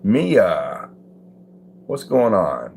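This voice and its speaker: A man's voice: fairly low pitch, huge pitch swings, extremely slow, creaky, a little mellow, a little hiss or hum. An older man hosting a casual live stream at home, greeting viewers by name and chuckling easily. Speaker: livestream host. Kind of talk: casual live chat reading comments. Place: at home, indoors.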